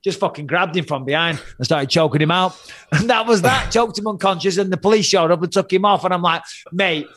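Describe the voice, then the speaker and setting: A man's voice: sits high, fast talker, hardly any pauses, fairly bright tone, dry recording, clean studio sound. A man and former fighter, swearing freely and laughing as he tells a story in a casual podcast chat. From England.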